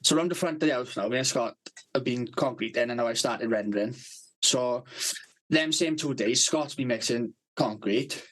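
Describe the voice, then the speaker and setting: A man with an everyday mid-pitched voice, telling rambling stories in casual podcast chat. He swears constantly and speaks bluntly and brashly. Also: moderate pace, a bit bright, low-quality recording. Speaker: podcast co-host.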